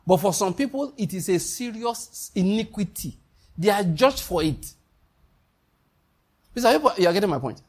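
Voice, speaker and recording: Nigerian male preacher, husky and fairly high-pitched, emphatic, repeats points, quizzes listeners. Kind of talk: sermon.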